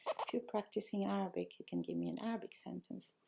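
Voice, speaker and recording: A woman's voice: mid-range voice, wildly swooping pitch, fast, vocal fry, background noise. A woman teaching a live online language lesson, praising students often and reading out and correcting their answers.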